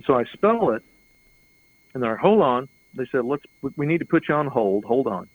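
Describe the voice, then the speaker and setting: A man's voice: medium pitch, animated, fairly quick, husky, narrow, tinny audio. A middle-aged man telling a long anecdote in an interview, rambling and chuckling, often repeating words as he goes. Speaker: interview guest. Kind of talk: casual anecdotal storytelling.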